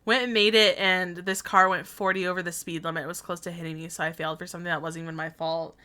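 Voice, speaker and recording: A woman's voice: fairly low pitch, level tone, quick pace, bright, forceful tone, clear, resonant tone. A woman in her twenties chatting casually while streaming a game, telling stories with frequent laughs and quoted asides. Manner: chatty storytelling, laughing often, quoting herself.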